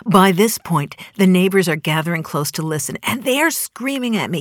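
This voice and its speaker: Low-voiced woman telling a story. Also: animated, no room sound, studio quality. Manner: measured, dropping to a hushed near-whisper at tense moments. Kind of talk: personal storytelling monologue.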